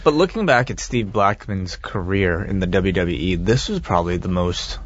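Low-voiced man chatting hesitantly. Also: lively intonation, dull audio. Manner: hesitant, halting with many fillers. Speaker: podcast co-host. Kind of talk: casual chat.

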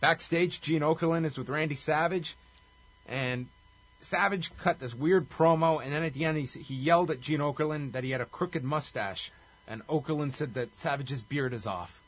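Husky man recapping wrestling with wry humor. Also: on the high side, moderate pace. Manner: wry, chuckling recap delivery. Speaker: podcast co-host. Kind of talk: casual wrestling recap chat.

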